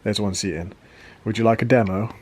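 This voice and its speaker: The vlogger's voice is fairly low, steady, brisk and slightly mellow as he gives casual British-accented commentary while fitting out a van from underneath and inside. He swears freely and makes dry self-mocking remarks, captured in a noisy workshop recording with clicks.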